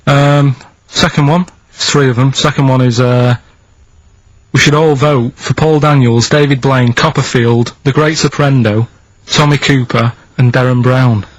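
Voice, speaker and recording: A man who is a regular on a radio show, talking in a flat, halting, matter-of-fact way. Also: mid-range voice, no echo, low-quality recording. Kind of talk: casual radio banter. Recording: dry studio mic.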